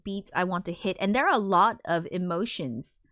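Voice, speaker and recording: A woman's voice: fairly low pitch, animated, moderate pace, a bit bright, dry recording. A woman composer chatting casually on a livestream, rambling with frequent restarts and casual swearing. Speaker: composer streaming her work.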